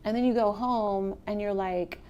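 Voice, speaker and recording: A middle-aged woman giving a motivational real estate talk to a live audience, chatty and animated, speaking straight to the room. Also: medium pitch, normal speed, lo-fi sound, a little hiss or hum. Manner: conversational, animated, addresses the audience directly.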